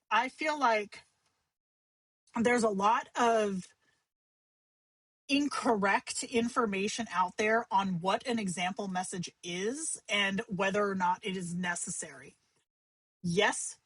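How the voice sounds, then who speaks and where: Husky-voiced woman giving a chatty tutorial. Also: mid-range voice, no echo, poor audio. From Arizona. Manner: chatty, conversational, with quick asides and fillers. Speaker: livestream host teaching AI companion tips. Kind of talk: casual livestream tutorial.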